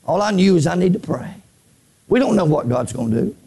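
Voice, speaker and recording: Man preaching, gravelly, high-pitched, repeats himself, rises to shouts. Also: lively intonation. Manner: repeats words, builds to high shouted climaxes; reads scripture slowly, drawn out. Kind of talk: sermon.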